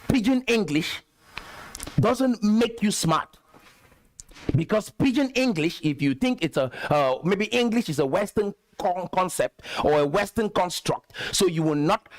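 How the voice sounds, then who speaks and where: A man from Cameroon lectures straight at his audience and hammers his points home through repetition. His voice sits high for a man. The recording is close and dry, with no room around it. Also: dry recording. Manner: emphatic, lecturing, repeats points. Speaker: host. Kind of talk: direct-to-camera commentary.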